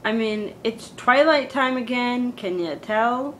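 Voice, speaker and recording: A woman in a comedic character monologue, talking like a valley girl with "like" and "totally" in every breath. She rants with big, dramatic emphasis. Her voice sits fairly high, with a faint hiss behind it. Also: takes it slowly, fairly bright tone, rough recording. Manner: exaggerated, dramatic ranting.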